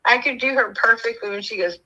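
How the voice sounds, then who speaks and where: A woman's voice: fairly high pitch, fast talker, bright, forceful tone, muffled recording. An older woman chatting casually as a stream host, telling stories and laughing often. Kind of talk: casual chat.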